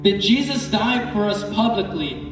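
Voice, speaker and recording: Earnest high-voiced young man preaching. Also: animated, normal speed. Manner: earnest, repeats himself, asks the crowd questions. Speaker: youth preacher. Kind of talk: sermon. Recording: echoey hall from far off with music.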